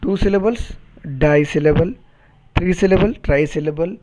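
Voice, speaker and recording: A man teaching a phonetics lesson, repeating words and spelling them out deliberately, and checking understanding with questions. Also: high voice, a little mellow, poor audio. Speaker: English teacher. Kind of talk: recorded phonetics lecture.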